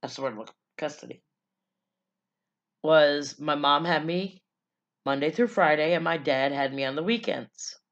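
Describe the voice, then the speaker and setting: A woman's voice: low voice, moderate pace, pauses often, lo-fi sound. A woman vlogger telling her life story in a loose, casual way, blunt and profane, with lots of fillers.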